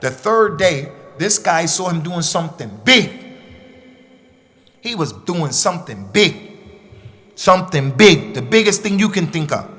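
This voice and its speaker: A man teaching a religious workshop for young people, animated and repeating phrases for emphasis, with Arabic recitation mixed in. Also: a little high, a little slow, pauses often. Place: mosque.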